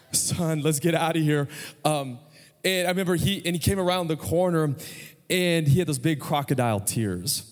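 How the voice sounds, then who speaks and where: A man's voice: on the high side, moderate pace. A man in his thirties with an American accent, preaching a conversational sermon, telling a family story and asking the congregation questions. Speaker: pastor. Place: church sanctuary. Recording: long church hall reverb.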